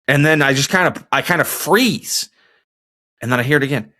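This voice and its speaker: A man hosts a casual podcast and tells his stories in a rambling way, often restarting his sentences. His voice sits mid-range, and his pitch swings around a lot as he talks. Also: lively intonation, moderate pace, bright, forceful tone. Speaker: podcast host. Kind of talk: casual storytelling.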